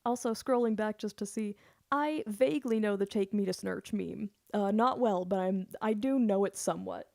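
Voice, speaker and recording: A woman's voice: medium pitch, moderate pace, a little mellow, dry recording, studio quality. A woman singer chatting casually on her live stream, giggly and loose, swearing now and then.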